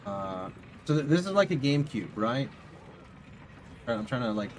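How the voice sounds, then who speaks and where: A young man streaming from his home setup, telling a rambling, animated story to his live chat and swearing casually into a studio mic. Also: medium pitch, moderate pace, a little hiss or hum. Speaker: video game streamer. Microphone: condenser studio mic.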